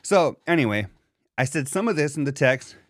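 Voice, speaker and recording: A man's voice: on the high side, lively intonation, normal speed, dry recording, studio quality. Rambling, foul-mouthed young podcast co-host, a man. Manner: rambling, profane storytelling with many fillers. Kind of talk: casual chat.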